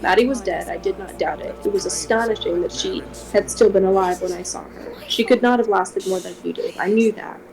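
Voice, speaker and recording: Woman, streamer, reading horror novel aloud, steady delivery, middle pitch. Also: fairly quick, creaky, hardly any pauses, rough recording. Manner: steady first-person reading, occasional swearing asides.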